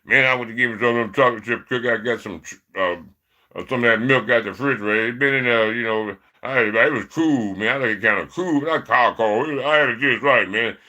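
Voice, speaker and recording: A man's voice: mid-range voice, fast talker, bright, forceful tone. A man talking to his viewers in a loose, rambling monologue, peppered with "man" and "you know". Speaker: vlogger.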